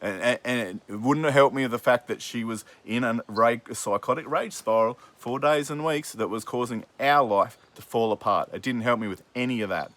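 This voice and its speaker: A man's voice: mid-range voice, moderate pace, hardly any pauses, a bit bright, no room sound. Angry, swearing man in a heated argument. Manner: angry and swearing, talking over the other speaker. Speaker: podcast host.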